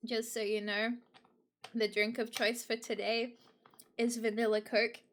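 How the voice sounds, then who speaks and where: A woman's voice: on the high side, level tone, measured pace, fairly bright tone. A young woman chatting casually to her live-stream audience, giggly and emotional. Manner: giggly, emotional, talks to chat.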